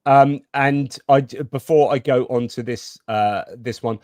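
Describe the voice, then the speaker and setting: A man's voice: mid-range voice, fairly even intonation, unhurried, darkish tone, no room sound, studio quality. A man co-hosting a casual live stream, chatting about the news and reading out viewer comments.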